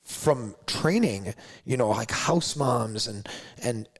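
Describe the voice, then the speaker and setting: A man's voice: mid-range voice, slow, husky. A man, a coffee company founder, telling a story in casual conversation, acting out other people's lines and saying "like" a lot. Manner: animated, acts out others' lines, heavy use of "like".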